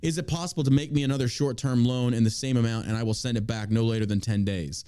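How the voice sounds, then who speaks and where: A man's voice: medium pitch, steady tone, fast, dark tone, clean tone. A man hosting a political commentary podcast, reading news items aloud and then ranting at listeners with heavy profanity. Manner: heated, preachy appeals to listeners. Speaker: podcast host.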